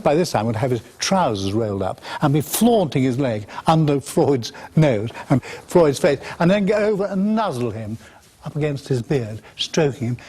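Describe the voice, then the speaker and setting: A man in a documentary interview telling lively anecdotes. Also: mid-range voice, a little hiss or hum. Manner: lively storyteller, mimics others.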